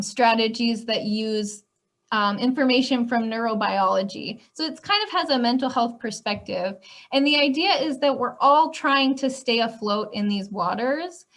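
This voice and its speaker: Gentle Minnesota woman counselor, somewhat high voice, explanatory with check-in tags. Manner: gentle, explanatory, frequent 'um' and 'right?'. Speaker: elementary school counselor. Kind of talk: parenting presentation.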